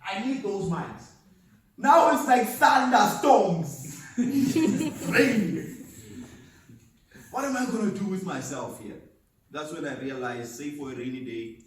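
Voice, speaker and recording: Guy telling his story at a seminar, high animated voice, super echoey hall, mic far off. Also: takes it slowly, pauses often, a little hiss or hum. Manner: storytelling, emphatic, laughs at himself. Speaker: motivational speaker. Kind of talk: seminar talk. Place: seminar venue.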